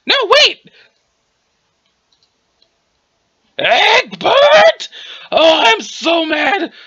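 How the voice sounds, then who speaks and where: A man's voice: very high-pitched, huge pitch swings, extremely slow, pushed and bright, highs cut off. A man casually reading a webcomic aloud, playfully commenting on its pictures. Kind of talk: casual comic read-along.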